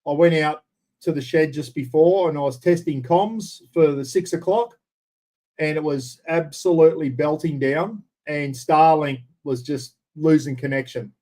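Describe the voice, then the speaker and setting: A man's voice: a little high, steady tone, a little slow, dark tone. Laid-back Australian man on a livestream. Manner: laid-back and chatty, greeting viewers by name. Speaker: livestream host. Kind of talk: casual live chat reading out viewer names. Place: indoor room at home.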